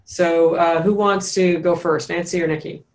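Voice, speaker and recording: This is a woman leading a breathwork session over a video call. She coaches in an encouraging, instructive way and slows down to model each guided phrase. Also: on the low side, steady tone.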